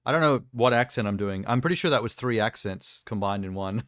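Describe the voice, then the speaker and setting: A man's voice: lowish voice, expressive, fairly quick, few pauses, fairly bright tone, dry recording, studio quality. A man streaming live, chatting casually in a rambling, ranting way and laughing at himself. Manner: rambling, ranting, self-amused.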